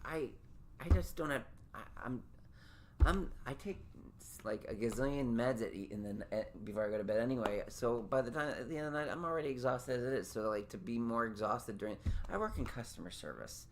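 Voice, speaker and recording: A man's voice: mid-range voice, a little fast, a little hiss or hum. A man hosting a podcast, talking casually in a rambling, candid way. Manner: rambling, self-interrupting, candid. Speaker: podcast host. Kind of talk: casual chat.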